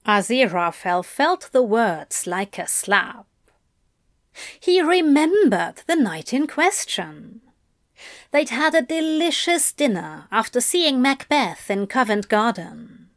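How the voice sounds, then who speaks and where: Slow, gentle woman reading a story. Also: on the high side, big pitch swings, dry recording, clean studio sound. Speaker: narrator.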